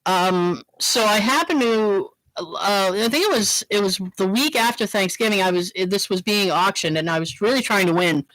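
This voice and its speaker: Animated, bright-voiced woman chatting. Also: mid-range voice, normal speed, no room sound, low-quality recording. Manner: animated, laughs often, chatty. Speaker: podcast co-host. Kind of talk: casual chat.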